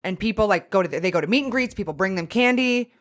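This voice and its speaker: A woman co-hosting a podcast in loose, casual chat. Her pitch swoops up and down as she talks, and she swears often and fills her sentences with "like.". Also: quick pace. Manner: animated, swears freely, many fillers. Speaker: podcast co-host.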